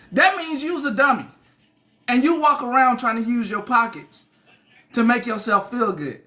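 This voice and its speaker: Profane, taunting livestream ranter with bright voice. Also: medium pitch. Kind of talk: ranting livestream monologue.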